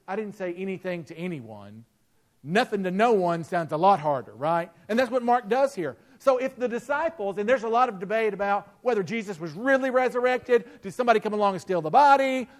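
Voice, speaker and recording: High-voiced man preaching conversationally. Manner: conversational, rhetorical questions, frequent restarts. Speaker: pastor. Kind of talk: sermon.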